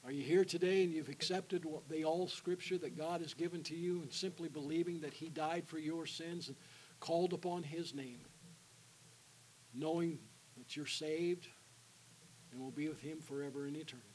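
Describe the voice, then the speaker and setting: A guest preacher delivers an evangelistic sermon in a church sanctuary, calling out for responses from the congregation and dropping to a hush for the invitation, alternating loud and quiet. His pitch is fairly high and his intonation fairly even, at a moderate pace, on a rough recording with a little hiss or hum.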